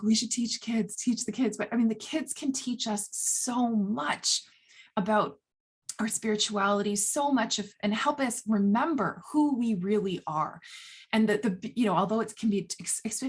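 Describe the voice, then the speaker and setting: Husky-voiced woman health coach. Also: medium pitch, moderate pace. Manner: chatty and animated, with filler words. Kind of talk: casual talk to camera.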